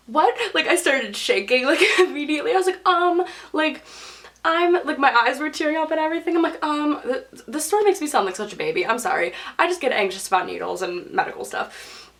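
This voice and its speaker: A young woman telling a story in a casual vlog, chatty and full of "like", acting out quotes in a higher voice. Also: expressive, fast, fairly bright tone. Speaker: YouTube storyteller.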